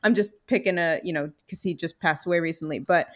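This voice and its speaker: A woman's voice: on the low side, a little fast. A young woman co-hosting a casual chat, telling a story with lots of fillers and swearing. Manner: animated storytelling, swears freely, many fillers.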